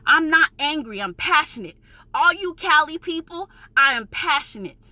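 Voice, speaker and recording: A woman's voice: sits high, animated, normal speed, bright, forceful tone. A woman from New York with a New York accent, ranting in a vlog, heated, emphatic and profane, insisting she is passionate, not angry. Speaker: vlogger.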